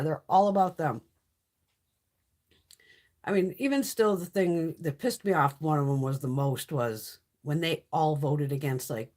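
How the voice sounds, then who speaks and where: A woman's voice: deep voice, darkish tone. A woman hosting a casual live stream chat, ranting with frequent swearing and laughing often. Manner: profane, ranting, exasperated.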